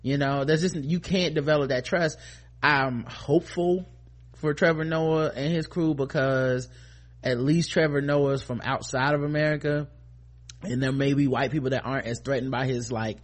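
A man talking as a podcast co-host in casual commentary, animated and profane, with frequent fillers and restarts that rise into emphatic outbursts. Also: medium pitch, normal speed.

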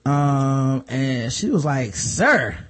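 A man's voice: high-pitched, animated, moderate pace. A man hosting a casual podcast, joking through a slangy, crude episode recap. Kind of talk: casual chat.

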